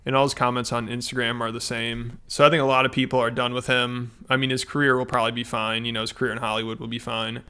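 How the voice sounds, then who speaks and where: A man's voice: mid-range voice, level tone, quick pace, few pauses, pushed and bright, clean tone. A man commenting on a video in a matter-of-fact, summarizing way. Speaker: online commentator.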